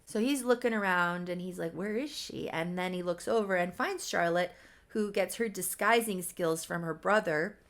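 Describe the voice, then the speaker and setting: A woman's voice: fairly low pitch, moderate pace. A woman casually recapping a soap-opera story she made, with chatty, self-deprecating asides. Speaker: creator recapping her own game story.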